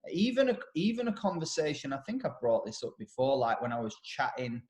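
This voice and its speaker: Speaking a little fast in a sing-song, slightly mellow mid-range voice, this podcast co-host, a personal development coach, rambles bluntly and keeps restarting his sentences. The room gives the recording a noticeable echo.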